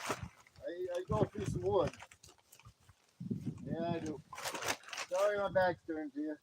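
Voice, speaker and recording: A middle-aged man chats cheerfully on a nighttime livestream from his backyard fire pit, laughing as he greets viewers by name. His voice sits high and swings lively up and down. A faint hiss of noise runs underneath. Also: slow, vocal fry. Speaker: livestream host. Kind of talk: casual live-stream chat. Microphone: camera on a tripod.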